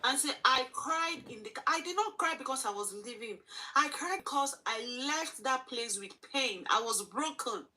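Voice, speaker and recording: High, bright woman sharing her story. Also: animated, rough recording. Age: 40s. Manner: earnest, halting, repeats phrases. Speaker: interview guest. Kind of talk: emotional personal testimony.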